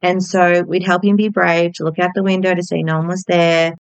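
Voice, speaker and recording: A woman in her thirties speaks gently and candidly, reflecting as she tells a personal story on her podcast. Her voice sits on the low side, and the recording is dry and close to the mic. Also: little pitch movement, brisk, smooth, no echo, rough recording. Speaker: podcast host.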